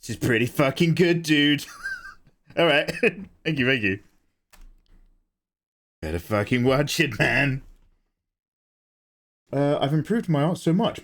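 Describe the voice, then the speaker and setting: A male livestreamer talks casually while drawing, joking and bantering with frequent casual swearing. His voice sits a little high for a man and moves up and down in a lively, animated way. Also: slow pace, pauses often.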